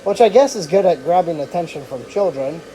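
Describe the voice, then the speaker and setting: Rambling, self-deprecating hobby reviewer, casual and offhand; recorded beside a car with a loud background hum. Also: medium pitch, animated, fairly quick, low-quality recording. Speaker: inflatable decoration reviewer. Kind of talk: casual spoken product review.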